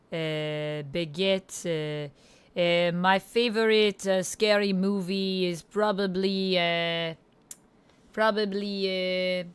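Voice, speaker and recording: A woman streamer voicing a hammy mock French Canadian man, halting and sprinkled with French words. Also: on the low side, clear, resonant tone. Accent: put-on French Canadian. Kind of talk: livestream chat in a put-on accent.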